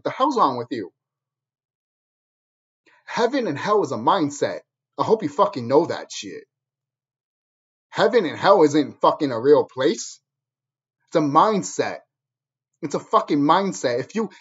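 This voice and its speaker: Husky man in an angry, repetitive rant. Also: a little high, lo-fi sound. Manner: angry, repetitive, hammering the same phrases. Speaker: vlogger. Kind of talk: profane ranting monologue.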